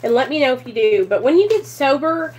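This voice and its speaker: A woman's voice: high voice, big pitch swings, fairly quick, a little mellow. A young woman vlogging from home about her recovery, emotional and teary, sighing often and speaking straight to her viewers. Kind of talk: casual confessional vlog.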